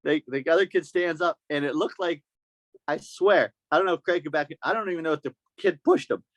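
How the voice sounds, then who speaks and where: A man hosts a casual podcast. His voice sits a little high, and the recording is close and dry. He tells his story with animation, acting out every voice in it. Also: brisk, no room sound. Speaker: podcast host.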